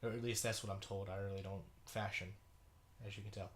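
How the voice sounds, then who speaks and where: A young man with a runny nose talking casually and haltingly, full of fillers and restarts as he reads through his little sister's schoolwork. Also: lowish voice, little pitch movement. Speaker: video blogger. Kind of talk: casual commentary reading a sibling's schoolwork.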